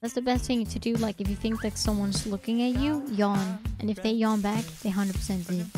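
A woman streamer chatting casually during a game stream, rambling and quick to laugh. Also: fairly high pitch, expressive. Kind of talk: casual gaming livestream chat. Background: background music.

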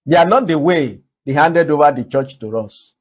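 A man's voice: fairly high pitch, animated, moderate pace, slightly rough. A man preaching a sermon, earnestly asking rhetorical questions and repeating phrases for emphasis. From Nigeria. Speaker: pastor.

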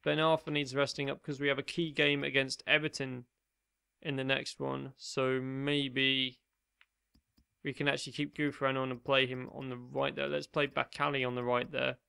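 A young man doing excitable mock sports commentary over a football video game he is playing at home. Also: mid-range voice, moderate pace, gravelly, clear, resonant tone. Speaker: gaming channel host.

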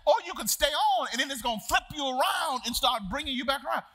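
Man, pastor, storytelling sermon, high voice, bright tone, animated. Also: fast talker. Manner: animated, shouts and laughs while acting out the story; casual colloquial address to the congregation.

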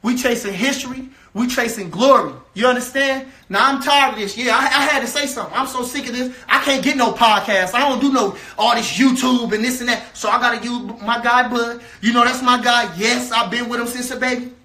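Fiery high-voiced man ranting. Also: brisk, few pauses, pushed and bright. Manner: fiery, repetitive, trash-talking. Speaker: member of a boxer's camp. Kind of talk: heated rant to camera.

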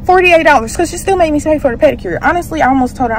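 A young woman vlogger, telling a story in an animated, indignant way that rises sharply in pitch. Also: brisk, slight background noise, poor audio. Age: young adult. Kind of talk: casual vlog storytime.

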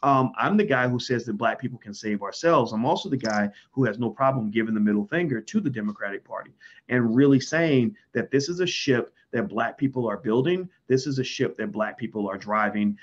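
A man commenting in an impassioned monologue, emphatic, with sudden loud high swings. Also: lively intonation, brisk, slightly rough. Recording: dull lo-fi sound.

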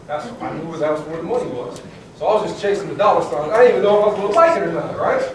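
An animated man in his thirties tells a story with a fairly high voice. He is heard from across a big echoing room with faint background noise, a lively, laughing storyteller on a panel. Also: rapid-fire. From California. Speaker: panelist, former student athlete. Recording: echoey hall from far off.

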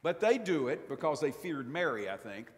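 A man's voice: on the high side, big pitch swings, moderate pace. A man preaching a sermon in a church, telling the story in a folksy, humorous way. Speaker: pastor. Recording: long church reverb.

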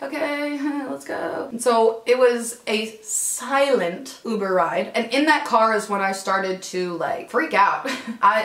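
A woman's voice: mid-range voice, fairly bright tone. A young adult woman telling a personal story to camera, frank and emotional, swearing as she gets worked up. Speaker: vlogger. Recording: roomy echo.

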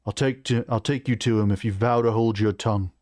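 A man reading a story aloud and voicing a cowardly male orc warrior who pleads loudly. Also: on the low side, steady tone, brisk, no room sound, studio quality, close to an everyday voice. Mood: grudging. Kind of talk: audiobook reading.

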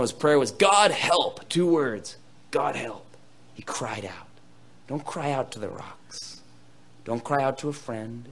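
Man, pastor, sermon, medium-pitched voice, passionate bursts, dramatic scripture reading, playful asides. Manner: impassioned preaching with sudden loud swings.

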